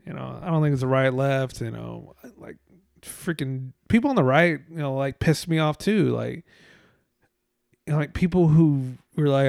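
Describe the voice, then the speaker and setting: A man's voice: fairly high pitch, animated, moderate pace, creaky, no room sound, clean studio sound. A man talking casually in a rambling way, swearing a lot and full of fillers, sounding tired. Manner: rambling, profane, frequent fillers.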